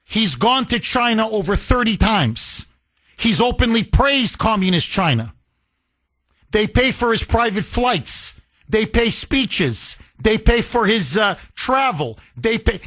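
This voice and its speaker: Male talk radio host with a high, very lively voice and a slow, punchy delivery. He is combative and impassioned. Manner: impassioned, combative, repetitive rhetoric.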